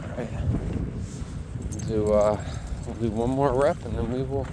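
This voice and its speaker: A man's voice: mid-range voice, fairly even intonation, measured pace, background noise. A man working as a dog trainer outdoors in a field, talking casually and praising the dog in an upbeat, cheerful voice.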